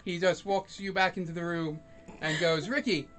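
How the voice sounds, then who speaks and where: A game master narrating a tabletop game with lively, laughing narration. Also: medium pitch, normal speed, a loud crowd.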